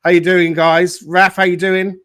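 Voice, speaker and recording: A man hosting a football podcast, reading a spooky dramatic intro and then chatting quickly and casually. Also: high voice, little pitch movement, a bit bright, clean tone, no room sound. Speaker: podcast host. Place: Nottingham podcast studio.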